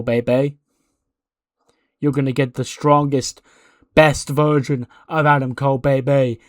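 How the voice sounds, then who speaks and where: A man's voice: mid-range voice, dry recording, studio quality, natural voice. A man voicing a cocky male pro wrestler, reading a boastful, taunting promo.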